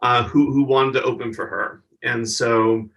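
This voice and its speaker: A man's voice: medium pitch, unhurried, recorded from a distance. A man, a stand-up comedian and guest, telling stories in a casual interview and acting out the people he quotes. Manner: animated storyteller, acts out the people he quotes.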